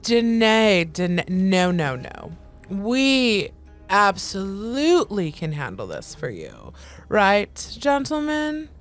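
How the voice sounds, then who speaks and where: A woman's voice: medium pitch, sing-song, slow pace, faint music behind. A woman voicing a nervous, overly formal young man who is eager to please. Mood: flustered. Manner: stiff and polite.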